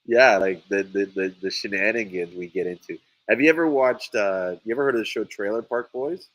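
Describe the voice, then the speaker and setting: A man hosting a casual chat, telling a story with lots of energy, laughing often and voicing the people in it loudly. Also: lowish voice, normal speed, low-quality recording. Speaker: sea moss farmer and podcast host.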